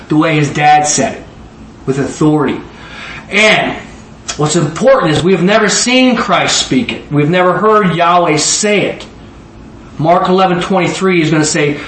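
A man in his forties preaches with a fairly high, animated voice. He keeps throwing questions out to the room, and his voice is caught from some distance in a roomy, echoing space with faint background ambience. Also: a little hiss or hum. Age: 40s. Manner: animated, conversational, asks the audience questions. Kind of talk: sermon. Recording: roomy echo, voice from far off.

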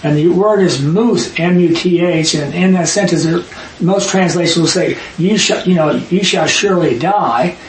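A man leading a Bible study, reading verses aloud and arguing his points emphatically with quick asides. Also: a little high. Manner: emphatic, rapid asides, reads scripture aloud. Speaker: Bible teacher. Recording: echoey room, distant mic, faint hiss.

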